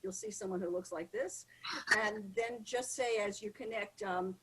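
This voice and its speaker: A woman's voice: medium pitch, moderate pace, heavy background noise. A woman coaching on public speaking as a podcast guest, talking emphatically and acting out the voices in people's heads. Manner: lively, emphatic, acts out inner voices. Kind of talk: podcast interview conversation.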